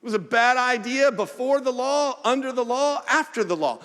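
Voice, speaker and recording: Man, pastor, sermon, very high voice, echoing church sanctuary. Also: animated, normal speed, fairly bright tone. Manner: earnest preaching with acted-out asides. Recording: long church hall reverb.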